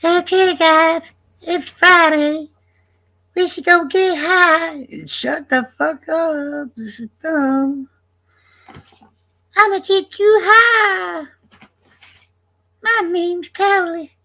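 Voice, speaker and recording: A man doing a squeaky goofy stoner guy. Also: steady tone, very slow, gravelly, long pauses, pushed and bright, heavily acted, rough recording.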